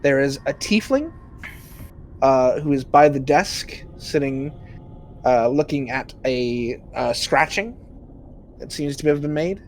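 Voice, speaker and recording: A man narrating a tabletop game as game master, relaxed and filler-laden. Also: medium pitch, slow, slight background noise.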